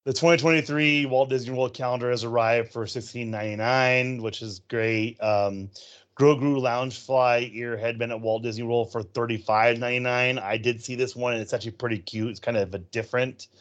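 A man's voice: medium pitch, fairly even intonation, fairly quick, muffled recording. A man co-hosting a casual chat about theme park news, rambling through stories with plenty of ums. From California. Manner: rambling storyteller, many ums. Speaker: podcast co-host.

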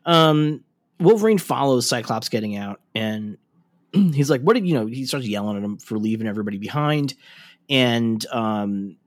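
A man's voice: medium pitch, lively intonation, normal speed. A man in casual chat recapping a cartoon episode, swearing freely and acting out the characters' lines. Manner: swears freely, laughs often, acts out lines. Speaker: podcast co-host.

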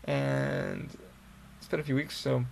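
A man's voice: mid-range voice, slow, gravelly, a little mellow, slight background noise. A young man hosting a podcast, telling a long casual story in a rambling, profane way full of fillers and restarts. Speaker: podcast host.

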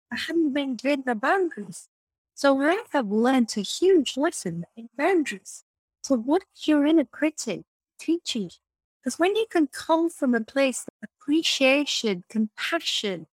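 Guest coach, woman, high voice, emphatic and repetitive, dry close sound. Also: dry recording, low-quality recording. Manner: emphatic, repeats key phrases. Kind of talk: podcast interview answer.

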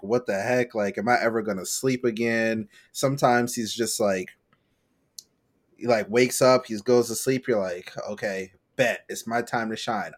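A young man chatting casually on a podcast, rambling with lots of fillers and acting out his own reactions. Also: lowish voice. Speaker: podcast co-host.

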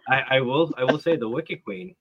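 A man's voice: mid-range voice, lively intonation, moderate pace, muffled recording, a crowd in the background. A man hosting a casual comedy panel, calling on guests and telling stories with many stammered restarts. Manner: stammering, joking, storytelling. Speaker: host.

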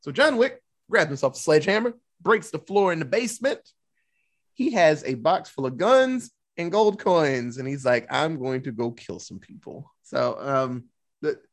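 Slightly high-voiced man recapping casually. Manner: loose, profane storytelling with acted-out quotes. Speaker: podcast co-host.

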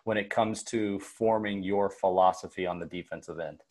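A man hosting a basketball coaching podcast, setting up his questions with steady, organized lead-ins. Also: sits low, normal speed. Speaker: podcast host. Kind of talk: interview questions.

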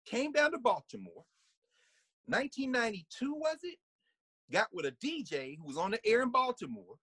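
A man giving a conversational lecture, animated and laughing often, sometimes singing snippets and acting out voices. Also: sits high, dry recording.

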